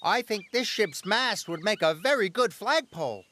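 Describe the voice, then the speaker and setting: A man's voice: sits high, expressive, normal speed, pushed and bright, voice pushed up. A man voicing an earnest big male steam engine who speaks politely and pleadingly.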